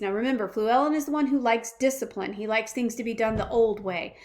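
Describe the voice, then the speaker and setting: A woman teacher reading a play aloud and pausing to explain it in plain words, with small fillers. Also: a little high, darkish tone.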